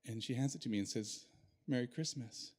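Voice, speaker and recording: A man telling a personal story on stage in an animated, self-deprecating way. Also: fairly low pitch, quick pace.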